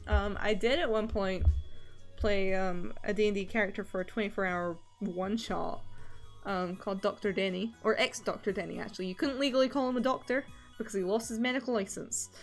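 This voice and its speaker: A young woman chatting casually on a stream while she draws, rambling and laughing often between thoughts. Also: medium pitch. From Scotland.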